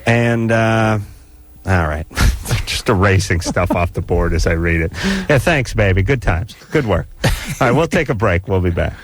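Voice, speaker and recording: A man's voice: deep voice, lively intonation, a little slow, a little hiss or hum. A man hosting a late-night radio call-in show, joking and ribbing his guest. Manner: joking, wisecracking. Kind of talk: casual radio talk.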